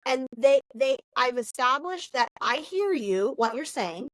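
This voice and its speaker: A woman in her thirties chats as a podcast co-host, acting out quoted lines with lively energy. Her voice sits a little high, and the recording is dry and close. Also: a little slow, no echo, poor audio. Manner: animated storyteller, acts out quoted lines. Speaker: podcast co-host, nurse trainer. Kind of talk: casual conversation.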